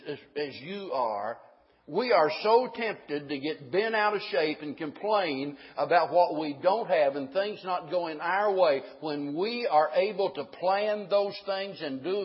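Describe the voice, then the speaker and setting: A man with a high, slightly husky voice delivers a sermon, talking with his congregation in a folksy way. He turns emphatic on key points. The sound is dull, with a long echo. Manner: folksy, rising to emphatic preaching. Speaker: pastor.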